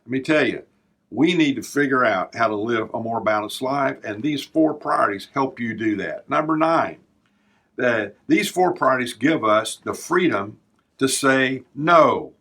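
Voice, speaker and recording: A man's voice: mid-range voice, lively intonation, unhurried, fairly bright tone, slightly rough. An older man hosting a devotional podcast, talking in an earnest, preacherly way as he works through a numbered list. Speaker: podcast host.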